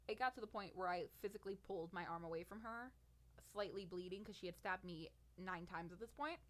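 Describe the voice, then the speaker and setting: A woman's voice: mid-range voice, fast talker, fairly bright tone. A nineteen-year-old woman telling a personal story on her podcast, venting in an exasperated, sarcastic way. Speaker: podcast host.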